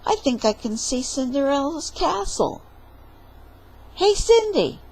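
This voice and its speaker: A woman's voice: on the high side, big pitch swings, measured pace, full character voice, low-quality recording. A woman doing a whiny cheeky young man. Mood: chatty. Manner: whiny, sassy, talks back.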